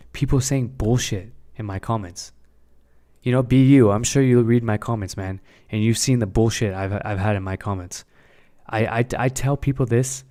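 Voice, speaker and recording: A man's voice: mid-range voice, warm tone. A young man talking casually on a live stream about his crypto trades, blunt and swearing often, repeating himself.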